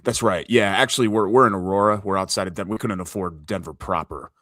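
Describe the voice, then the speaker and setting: A man co-hosting a sports talk show from a hotel room, talking in a hushed, easygoing way. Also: low-pitched, fast talker, dry recording, clean studio sound. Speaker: podcast co-host.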